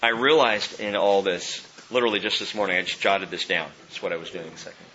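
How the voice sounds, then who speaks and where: Man in his forties, pastor, sermon, bright voice, hushed to loud swings, faint background noise. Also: muffled recording. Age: 40s. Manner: swings from hushed, slow emphasis to loud, high exhortation.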